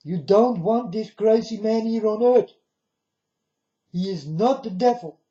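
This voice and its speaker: On a dull lo-fi recording, a video blogger addresses his audience as "folks" in a grave monologue to camera full of warnings. His voice sits high and sounds mellow, and he takes his time.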